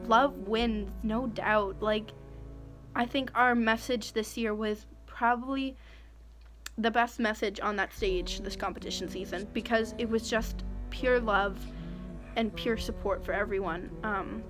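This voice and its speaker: A woman's voice: mid-range voice, steady tone, measured pace, music in the background. A teenage girl, a show choir senior, talking casually and upbeat about her class. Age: teens.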